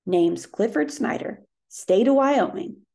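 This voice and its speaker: A woman's voice: fairly low pitch, unhurried, vocal fry, darkish tone. A woman reading a storybook, voicing a brusque middle-aged male tax collector who speaks in a clipped, authoritative way. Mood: curt, bossy.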